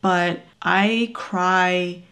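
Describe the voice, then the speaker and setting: A woman's voice: lowish voice, fairly even intonation, extremely slow, fairly bright tone. A young woman beauty vlogger talking candidly and emotionally in a get-ready-with-me vlog, close to tears.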